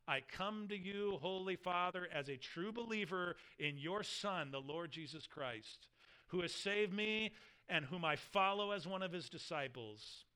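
A man's voice: sits high, lively intonation, unhurried, bright, forceful tone, clear, resonant tone. A man preaching a sermon, explaining scripture verse by verse and reading passages aloud with earnest emphasis. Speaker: pastor.

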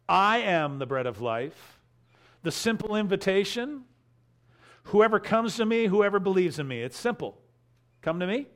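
A man preaching a sermon, working through scripture verse by verse and rising in emphasis on key phrases. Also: a little high. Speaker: pastor.

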